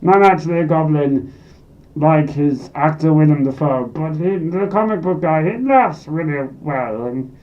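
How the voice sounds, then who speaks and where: A man plays a silly, excitable goblin who rants at the camera and bursts into sudden loud shouts. The voice sits a little high for a man. It comes across dull and lo-fi, picked up a bit away from the mic. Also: a little slow, recorded from a distance, close to an everyday voice. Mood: rambling. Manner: erratic comic rant with sudden loud outbursts. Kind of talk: comedy character vlog.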